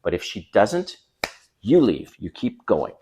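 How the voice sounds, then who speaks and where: A man's voice: on the low side, very animated, measured pace, warm tone, slight background noise. A man hosting his own channel, giving direct, conversational dating advice to the camera. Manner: direct, conversational, acts out quoted lines. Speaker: dating coach.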